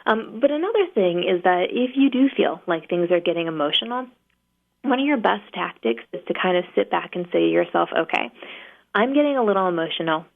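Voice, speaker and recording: A woman negotiation trainer, a guest on a talk show, explaining tactics in a practical, steady way with many fillers. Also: on the low side, a little fast, gravelly. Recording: phone-line guest audio.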